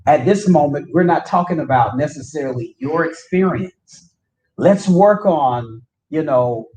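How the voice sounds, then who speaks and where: A man's voice: fairly high pitch, a little mellow. Questioning man in a roomy space. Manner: thoughtful, probing questions. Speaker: group participant. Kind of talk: small-group discussion. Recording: roomy with faint background noise.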